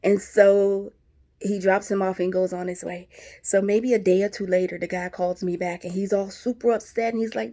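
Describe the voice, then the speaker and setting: Black woman telling y'all a story, warm mellow voice, laughs a lot. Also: medium pitch, fairly even intonation, fairly quick. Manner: chatty, laughing, addresses viewers as y'all and sis. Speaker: vlogger. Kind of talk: casual storytelling to viewers.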